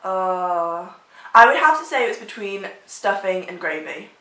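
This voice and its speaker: A woman's voice: medium pitch, lively intonation, unhurried, sharp tone. Woman, young adult, vlogger, chatty and rambly, casual chat, roomy echo. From England. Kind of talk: casual chat answering tag questions.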